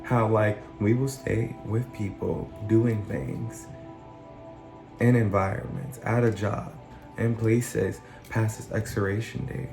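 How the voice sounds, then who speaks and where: Man, life coach type, low voice, reflective casual commentary, roomy echo with faint music underneath. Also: vocal fry, darkish tone. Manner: reflective, explains with examples, paraphrases lines in an imagined speaking voice. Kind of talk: casual spoken commentary on song lyrics.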